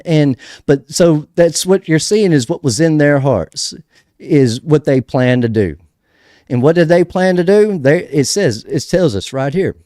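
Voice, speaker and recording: A man's voice: fairly high pitch, expressive, measured pace, dark tone, dry recording, studio quality. A man hosting a casual livestream, reading scripture aloud and chatting with viewers. He talks in a chatty, easily distracted way and laughs at himself. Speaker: host reading scripture to a live chat.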